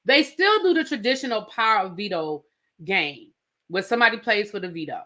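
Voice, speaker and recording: A woman reviewing a reality show in a casual, animated and sassy recap, talking straight to her viewers. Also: mid-range voice, a little fast. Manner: animated, sassy, emphatic, addresses viewers directly.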